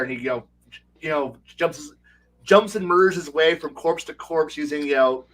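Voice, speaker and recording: A game master telling table stories in casual chat, animated, laughing often and swearing as he rambles. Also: fairly high pitch, moderate pace, far from the mic, low-quality recording. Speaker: game master, regular guest.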